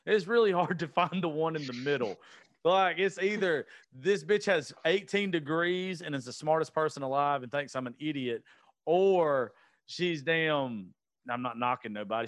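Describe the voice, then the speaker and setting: A man tells loose, rambling stories, swearing as he goes. His voice sits a touch high. The sound is dry and close. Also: moderate pace, a bit bright, dry recording. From US South. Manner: rambling storyteller, swears freely. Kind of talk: casual chat.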